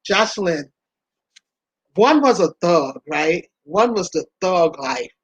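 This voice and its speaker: A woman's voice: on the low side, expressive, takes it slowly, husky, dry recording, highs cut off. Woman, vlog host, candid storytelling, frequent laughs, speaks to viewers as y'all, dry sound. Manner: chatty, laughs often, addresses listeners as y'all. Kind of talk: candid storytelling about relationships.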